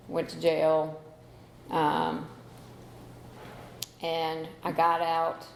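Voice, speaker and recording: A woman in her thirties tells her story at a recovery meeting, speaking candidly and conversationally with plenty of "you know" fillers. Her voice sits on the low side with a slight hiss or hum, recorded in an echoey room.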